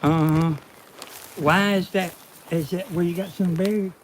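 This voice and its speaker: A man's voice: sits high, fairly even intonation, measured pace, a little hiss or hum. A man from Georgia with a Southern accent filming outdoors, joking and rambling to his viewers. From Georgia, USA. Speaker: vlog cameraman and co-host. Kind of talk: casual vlog chat to viewers. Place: outdoor garden. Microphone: camera he holds.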